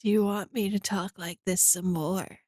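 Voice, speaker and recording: A woman's voice: medium pitch, steady tone, moderate pace, darkish tone, no echo, studio quality. A woman streamer in casual chat with her viewers, teasing and giggly.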